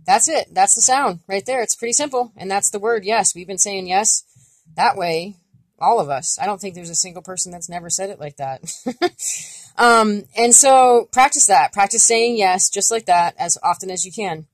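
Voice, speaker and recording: A woman giving a relaxed, chatty online language lesson, often pausing on fillers and demonstrating sounds. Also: mid-range voice, no echo. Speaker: language teacher.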